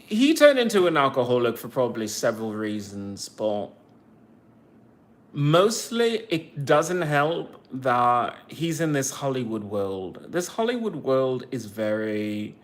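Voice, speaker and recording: A man with an English accent, born in the United States, chatting casually with his viewers and teasing them with sarcastic asides. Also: mid-range voice. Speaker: streamer talking to his viewers. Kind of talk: casual chat, replying to viewers.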